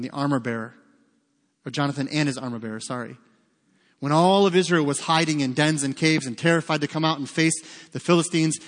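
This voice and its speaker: A male pastor delivers his sermon in an earnest, conversational way, slipping into casual asides along the way. His voice sits at a middling pitch for a man. The sound carries a long reverb tail from a large church hall. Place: church sanctuary.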